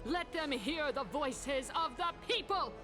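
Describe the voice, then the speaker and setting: A solemn young heroine from a game cutscene, calls on a people to be heard. Her voice is high and unhurried, every word weighed. A clear music score plays beneath her. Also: animated. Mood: stirring. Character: solemn young woman rallying a people against war. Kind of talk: video game cutscene dialogue.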